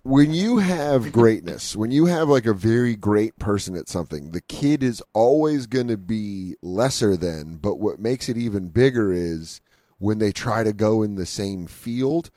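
Swearing comedy podcast host, dry studio sound. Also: male voice, fairly low pitch, animated, dark tone, no echo. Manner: profane, riffing, quick impressions. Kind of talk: casual comedic banter. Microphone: handheld studio mic.

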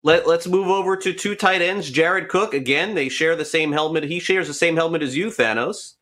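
A man hosting a casual sports talk segment, briskly running through players and their prices. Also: a little high, fairly bright tone. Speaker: sports show host.

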